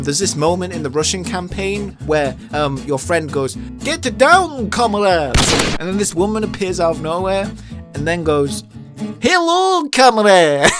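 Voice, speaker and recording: A man delivering a scripted, sarcastic gaming commentary, firing off rhetorical questions one after another. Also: a little high. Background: background music.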